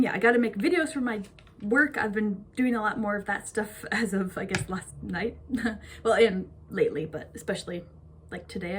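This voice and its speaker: A woman's voice: medium pitch, a little hiss or hum. A young woman from Minnesota chatting casually and bubbly to her phone camera, rambling with lots of fillers. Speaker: vlogger. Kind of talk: casual chat.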